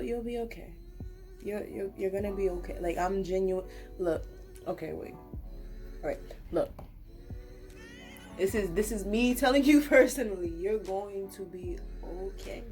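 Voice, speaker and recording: A woman's voice: mid-range voice, mellow. A young woman giving a casual, rambling pick-a-card tarot reading to camera, talking earnestly and reassuringly. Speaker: tarot reader.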